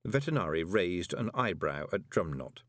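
A man narrating an audiobook in an expressive way. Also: sits low, moderate pace, no room sound, clean studio sound. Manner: expressive, many voices. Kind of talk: scripted narration.

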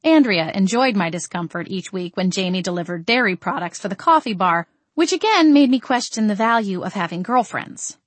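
A woman reads a first-person audiobook in a steady, expressive storytelling voice. Her pitch sits in the middle range. The recording is dry and close, with no room sound. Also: fairly quick, hardly any pauses, dry recording. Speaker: audiobook narrator.

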